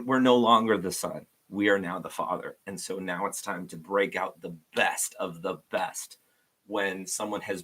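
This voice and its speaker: A man's voice: low voice, fairly bright tone, slightly rough. A man giving an informal, earnest devotional talk to viewers, rambling with frequent restarts.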